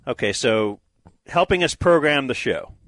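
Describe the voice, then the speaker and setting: A man's voice: mid-range voice, animated, a little slow, fairly bright tone, no echo. A man hosting a radio show, blunt and wry as he steers the talk. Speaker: radio host. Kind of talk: casual radio banter.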